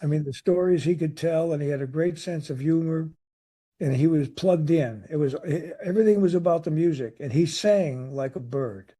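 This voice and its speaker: An older man with a Chicago accent tells stories as a guest in an interview. His voice sits a little high but sounds husky and mellow. He restarts phrases often as he talks. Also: normal speed. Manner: animated anecdotes with restarts. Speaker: guest musician. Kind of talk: casual interview storytelling.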